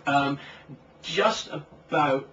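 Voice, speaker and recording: A man's voice: fairly high pitch, very slow, fairly bright tone. Young guy rambling on, jokey, lots of ums, sounds far off on a lo-fi mic with a bit of hiss. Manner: rambling, joking, many fillers. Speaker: co-host, comic creator. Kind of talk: casual chat. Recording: distant lo-fi mic with faint hiss.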